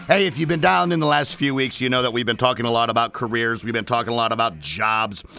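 A man's voice: medium pitch, fast, vocal fry, bright, forceful tone. A man hosting a business talk radio show, playful and joking, with a scratchy strained voice. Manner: playful, rhymes and jokes, restarts.

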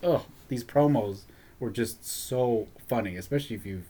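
A man with a mid-range voice talks in a loose, animated way, full of strong opinions and quick laughs. He is chatting casually with friends on a podcast. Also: mid-range voice, breathy edge. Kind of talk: casual wrestling chat.

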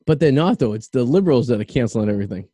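A man hosting a loose podcast conversation, his voice mellow and relaxed. He rambles through opinions with plenty of ums and uhs. The recording is dry and close. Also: mid-range voice, rapid-fire, dry recording. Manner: rambling, opinionated, with lots of fillers. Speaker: podcast host. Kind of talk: casual podcast chat.

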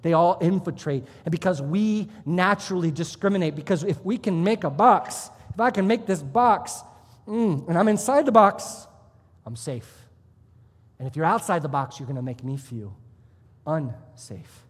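A man's voice: on the high side, lively intonation, normal speed, husky, in a large hall. A man serving as pastor, preaching a sermon in a church with emphatic rises and drops in his delivery. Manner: emphatic, rising and dropping for emphasis. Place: church sanctuary.

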